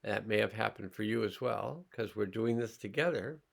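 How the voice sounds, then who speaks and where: A man teaching a healing class, slowly and calmly talking listeners through sensing their body and emotions. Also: on the low side, creaky. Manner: slow, calm, pausing, guiding listeners' awareness. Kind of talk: slow guided healing demonstration.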